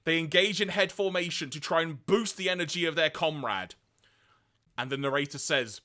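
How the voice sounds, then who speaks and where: A man co-hosting a podcast, retelling episodes in a lively way and acting out quoted lines. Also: moderate pace. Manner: lively storytelling, acts out quoted lines in high voices. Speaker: podcast co-host. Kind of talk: casual podcast recap.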